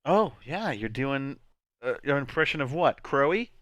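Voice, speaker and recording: A man's voice: medium pitch, lively intonation, normal speed, fairly bright tone, dry recording, lo-fi sound. A man hosting a casual game stream, playful and rambling, laughing often between his words. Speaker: streamer host.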